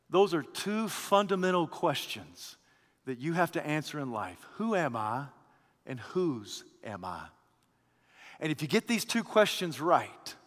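A man preaching a sermon, calling his listeners friend and swinging between loud rising exhortation and hushed, low reflection. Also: long reverb tail. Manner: addresses listeners as friend, repeats phrases.

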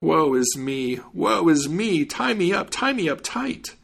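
Man voicing a panicky old miser, high shrieking voice, frantic pleading, storybook reading. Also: sing-song, a little slow, vocal fry, a bit bright, breathy edge, exaggerated voice.

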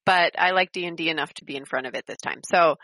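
A woman's voice: deep voice, fast talker, pushed and bright, no echo, low-quality recording. A woman introducing her character hesitantly, with many fillers. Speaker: player. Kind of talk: casual chat.

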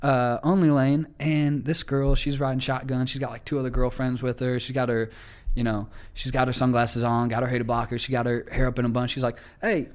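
A man's voice: medium pitch, brisk, few pauses. Casual male podcast host telling stories. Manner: animated storyteller, acts out quotes, swears casually. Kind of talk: casual storytelling chat.

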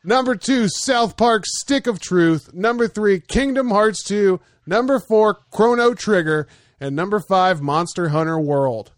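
Laid-back swearing podcast host, dry close mic. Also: male voice, high voice, unhurried, no room sound. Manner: laid-back, swears freely, reads lists aloud. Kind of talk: casual podcast chat.

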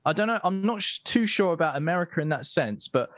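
A man talking as a guest on a political show, stopping and restarting often and filling pauses with "um". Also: fairly high pitch, animated, fairly bright tone, dry recording, clean studio sound. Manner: halting, many restarts and fillers. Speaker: guest commentator. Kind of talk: casual political discussion.

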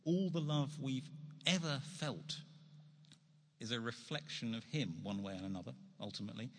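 A man's voice: mid-range voice, normal speed. A man author giving an earnest, reflective religious talk to an audience in a hall. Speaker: speaker, author. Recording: long hall reverb.

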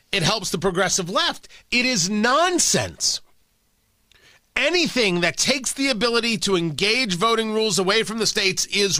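A man's voice: high voice, bright, forceful tone, no room sound. A man hosting a political talk show, delivering combative, sarcastic commentary.

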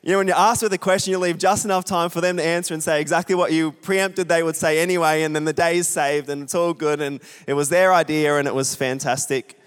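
A young male pastor preaching to a congregation, talking in a chatty, self-deprecating way and throwing questions out to the room. His voice is smooth and resonant, pitched a little high for a man. It rings with a long reverb through the church hall. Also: fairly even intonation, fast talker, hardly any pauses, faint music behind. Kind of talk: sermon with a storytelling aside.

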